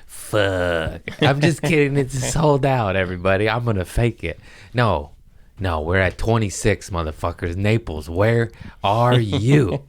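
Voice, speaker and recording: A podcast host rambles casually, sounding tired, poking fun at himself and swearing freely. His voice is on the low side and expressive, and he speaks a little slowly.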